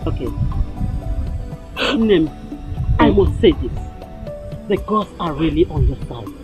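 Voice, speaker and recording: An actress with a Nigerian accent playing a calm, assured mother who reassures a distressed friend, in a film drama. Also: deep voice, takes it slowly, muffled recording, music in the background. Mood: reassuring. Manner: calming, reassuring. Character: soothing, assured mother of a prince's rival. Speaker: actor.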